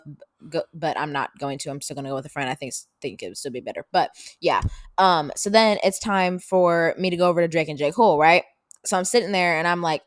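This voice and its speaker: A woman of about eighteen from Seattle, co-hosting a podcast and telling a story in casual, profane, animated chat. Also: fairly low pitch, no echo, clean studio sound. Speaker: podcast co-host, daughter.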